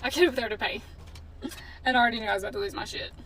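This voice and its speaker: Woman, storytime vlogger, fired-up and blunt, slightly high voice, caught from off-mic with faint noise behind. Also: fairly even intonation, racing, a bit bright, far from the mic, low-quality recording. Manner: indignant, blunt, swearing storyteller. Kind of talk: casual storytime vlog.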